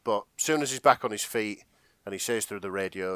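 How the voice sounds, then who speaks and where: A man's voice: lowish voice, fairly quick, dry recording. A man co-hosting a comedy podcast, retelling a fanfic with a lot of laughter. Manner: animated, laughing often. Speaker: podcast co-host.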